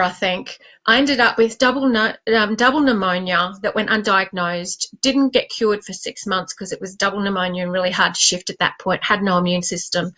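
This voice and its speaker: Aussie woman late 40s, chatty and animated, bright voice, bit higher pitched, laughs at herself. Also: rough recording. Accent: Australian. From Queensland, Australia. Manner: animated, confiding, self-mocking. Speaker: life coach. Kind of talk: candid vlog talk to camera.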